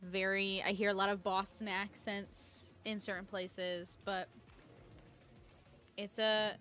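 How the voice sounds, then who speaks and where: Chatty new york gal streaming a game, says like a lot, bright voice, takes her time. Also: medium pitch, level tone, slow, soft background music. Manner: chatty, rambling, filler "like". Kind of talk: casual chat while gaming live.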